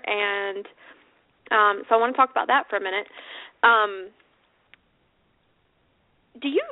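A woman co-hosting a motorcycle radio show, chatting casually and laughing often. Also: fairly high pitch. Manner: giggly and chatty. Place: Sarasota. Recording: phone-like narrow band, dry.

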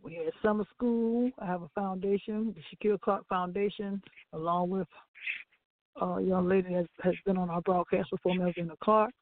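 Animated woman testifying over a phone line. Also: fairly low pitch, brisk, no echo. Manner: animated storytelling with laughs and acted-out quotes. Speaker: gospel radio co-host. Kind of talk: testimony on a gospel talk show. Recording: dry, tinny phone-line sound.

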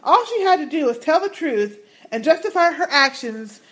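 High, lively woman podcast host. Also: normal speed. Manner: reads emails aloud with asides and laughs. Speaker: podcast co-host reading listener emails. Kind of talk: casual podcast chat.

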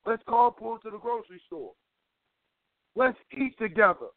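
A man with a high voice and lively intonation speaks at normal speed as an organizer giving an impassioned political talk. He is emphatic and preachy, repeating phrases for weight, and the dry recording has a tinny phone-line sound with no room noise.

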